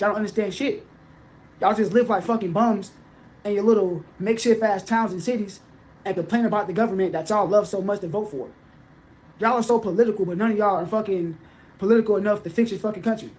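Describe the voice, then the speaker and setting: An angry speaker rants in a played clip, hurling insults and curses. The voice sits at a middle pitch. A faint noise runs behind it. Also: darkish tone. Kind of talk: casual rant.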